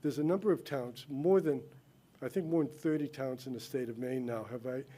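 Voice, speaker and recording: A man's voice: mid-range voice, brisk, warm tone. A man with a slight lisp giving an earnest public comment at a town council meeting, explaining a policy idea with frequent restarts.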